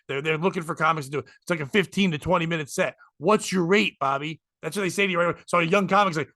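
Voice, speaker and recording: A man's voice: on the high side, racing, hardly any pauses, bright, forceful tone, no echo. A man co-hosting a podcast, telling a long rambling story in casual comedic chat. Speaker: podcast co-host.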